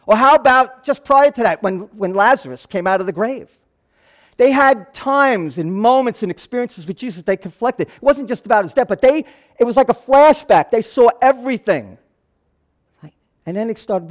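Man, pastor, sermon, high voice, animated storytelling, loud then hushed. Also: normal speed.

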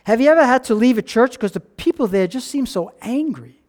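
A pastor preaches a sermon, animatedly telling a story, acting out characters' lines and asking the congregation questions. His voice is extremely high-pitched, and he talks a little fast.

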